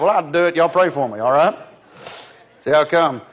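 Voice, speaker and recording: An American preacher with a fairly high, husky voice gives a folksy sermon at a moderate pace. He spins down-home stories, repeating "he said" again and again, and moves between loud, emphatic declarations and low, quiet asides.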